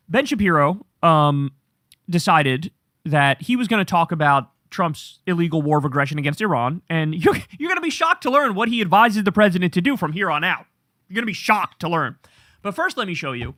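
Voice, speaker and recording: Male political host, angry profane rant, high and bright, dry close mic. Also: dry recording. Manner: angry, profane, sarcastic ranting. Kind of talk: heated political commentary.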